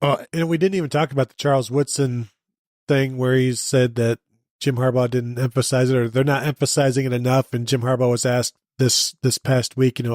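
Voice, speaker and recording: A man's voice: medium pitch, little pitch movement, fairly quick, darkish tone, no echo, studio quality. A man hosting a sports podcast in casual chat, easygoing and joking as he moves the segments along.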